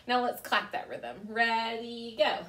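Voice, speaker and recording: A woman's voice: on the high side, expressive, unhurried, heavy background noise. A woman teaching children a music lesson, cheerfully chanting rhythm syllables. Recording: echoey room, mic far off.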